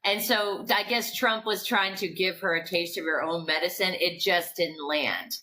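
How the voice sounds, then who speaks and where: A woman co-hosting a podcast in casual chat, agreeable and quick to laugh. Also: fairly low pitch, bright, forceful tone. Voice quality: laughs easily, agreeable backchannel. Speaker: podcast co-host.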